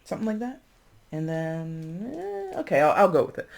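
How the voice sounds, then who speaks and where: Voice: medium pitch, moderate pace, creaky. Chatty tarot reader talking to camera. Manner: chatty and expressive, with many fillers and restarts; breezy, addresses viewers as friends. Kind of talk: casual tarot reading to camera.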